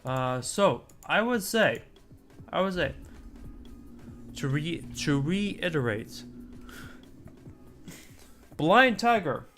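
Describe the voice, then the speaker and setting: A man's voice: fairly high pitch, big pitch swings, drawn-out words, long pauses, a bit bright, faint music behind. Chatty, rambling man streamer. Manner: rambling, chatty, with asides and mild swearing. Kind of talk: casual live-stream chat.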